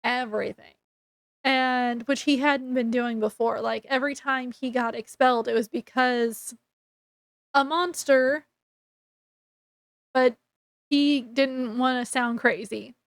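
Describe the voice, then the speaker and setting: Woman book reviewer, high, unhurried voice, chatty recap, dry close sound. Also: fairly even intonation, dry recording. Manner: chatty, retells scenes with quoted dialogue.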